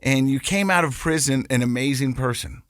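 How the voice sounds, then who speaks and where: A man's voice: mid-range voice, a little fast, smooth, no room sound, clean studio sound. A man hosting a recovery podcast, talking in an earnest, reflective way about addiction from his own experience. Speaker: podcast host. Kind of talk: casual interview talk.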